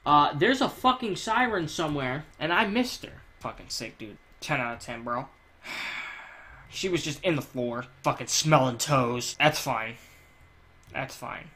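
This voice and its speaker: A man's voice: medium pitch, unhurried, bright, forceful tone. A man giving crude, profane let's play commentary while he plays, ranting and joking. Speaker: gamer.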